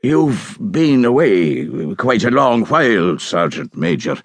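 A man playing a shy, awkward bank agent who speaks haltingly and gloomily. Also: fairly low pitch, very animated, no echo, full character voice. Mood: gloomy.

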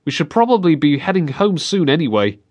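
A man's voice: on the high side, very animated, brisk, pitched above the performer's own voice. A man voicing a protective older boy who speaks firmly and steadily, in an audiobook. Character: protective older boy, trying to stay calm.

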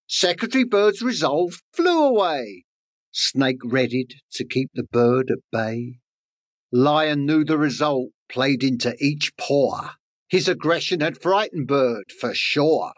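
A man's voice: mid-range voice, expressive, takes it slowly, no room sound. A man narrating rhyming children's fables in a sing-song storytelling manner. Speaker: audiobook narrator and author.

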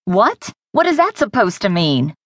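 A woman's voice: mid-range voice, big pitch swings, unhurried, no room sound, studio quality. A woman narrator voicing a young, struggling actress who sounds emotional and defensive. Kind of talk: first-person audiobook character voice.

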